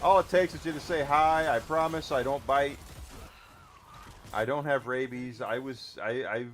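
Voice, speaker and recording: A man's voice: medium pitch, measured pace, fairly bright tone, slight background noise. Chatty male game streamer. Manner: chatty, thanks viewers while playing. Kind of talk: casual live-stream commentary.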